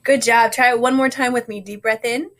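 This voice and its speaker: A woman music teacher leading vocal warm-ups with gentle, encouraging coaching and a slightly scratchy voice. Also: fairly high pitch, steady tone, a little fast.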